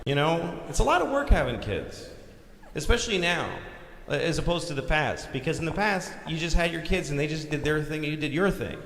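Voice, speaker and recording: A middle-aged man tells a stand-up story with wild swings in pitch, acting out other people and cursing freely. His voice sits fairly high and rings through a large hall with a long reverb, while crowd noise is clearly audible. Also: a little fast. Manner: animated storytelling, acts out voices, swears a lot. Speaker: stand-up comedian. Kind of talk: stand-up comedy set. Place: large theater stage. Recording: live hall recording with reverb and audience noise.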